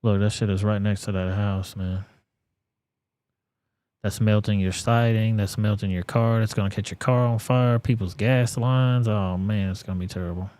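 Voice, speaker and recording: A man's voice: on the low side, steady tone, moderate pace, mellow. A man with a Southern US accent hosting casual reaction commentary, blunt and profane. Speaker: commentary channel host.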